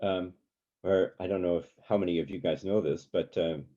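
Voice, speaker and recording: Male workshop teacher, deep and mellow, chatty with filler words, sings his examples; dull lo-fi recording. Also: fairly even intonation, normal speed. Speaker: songwriting teacher. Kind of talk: informal workshop lesson. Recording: dull lo-fi sound.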